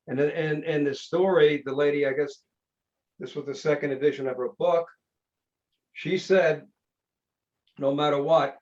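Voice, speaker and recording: Blunt, emphatic man telling a story. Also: on the high side. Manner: emphatic, blunt, punchy short phrases. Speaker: hypnotherapist guest. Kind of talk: storytelling in a podcast interview. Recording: slightly dull lo-fi sound.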